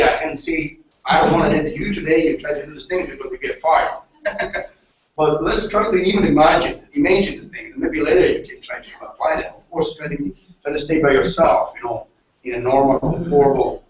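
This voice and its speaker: A man from Italy, a manager, talking casually in animated, broken English with an Italian accent, swearing freely and repeating himself. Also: a little high. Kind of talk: casual chat. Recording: distant muffled echoey recording.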